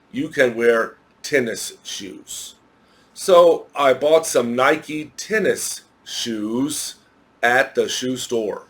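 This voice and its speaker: A man with an American accent teaching an English grammar lesson, explaining step by step and spelling words out letter by letter. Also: mid-range voice.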